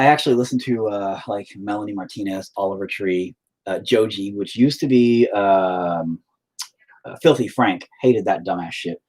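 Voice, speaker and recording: A man's voice: on the low side, darkish tone, husky. A middle-aged man telling rambling, profane stories in a laid-back way while painting. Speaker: painter and musician streaming. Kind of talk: casual storytelling while painting.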